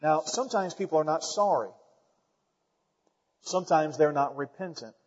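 A man preaching a sermon as pastor, emphatic and building to loud points, calling out to the congregation. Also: a little high, lively intonation, moderate pace. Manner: calls out to the congregation. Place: church sanctuary. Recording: dull lo-fi sound with long hall reverb.

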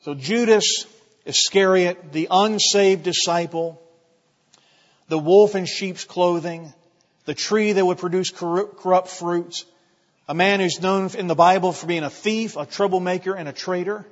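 A male pastor delivers a sermon in a fairly high voice, driving home his points with repeated, building phrases. His words trail into a long church reverb, and the recording sounds muffled and lo-fi. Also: moderate pace. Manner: emphatic preaching with repeated phrases, building in intensity.

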